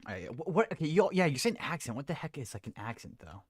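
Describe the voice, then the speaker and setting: Brief: male streamer, animated reaction chatter, bouncy pitch, dry recording. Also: fast talker, slightly rough, no echo. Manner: excitable, rambling, with many restarts. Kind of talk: casual livestream reaction.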